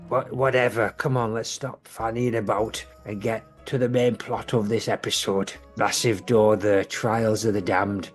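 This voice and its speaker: Host bloke, low voice, sweary and rambling, faint music. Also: male voice. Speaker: podcast host and narrator. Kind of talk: improvised comedy role-play.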